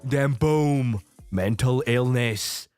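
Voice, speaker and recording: A man's voice: mid-range voice, very slow, darkish tone, soft background music. A young man chatting casually on his stream, rambling and playful, swearing freely and laughing often. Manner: frequent laughter and restarts. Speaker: VTuber streamer.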